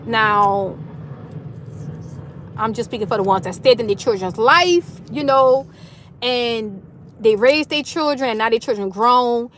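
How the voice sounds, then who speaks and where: A middle-aged woman from New Orleans with a New Orleans accent, chatting loudly and animatedly with viewers on her livestream. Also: on the high side, a little slow, pauses often, a little hiss or hum. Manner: loud, animated Southern talk with lively swings. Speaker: livestream host. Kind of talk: casual chat reading viewer comments.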